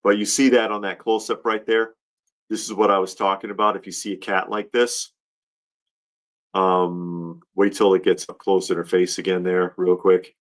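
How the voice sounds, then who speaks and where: Low-voiced man chatting on a livestream. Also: level tone, moderate pace. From Georgia, US. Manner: rambling, heartfelt, restarts often. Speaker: livestream host. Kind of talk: casual livestream chat.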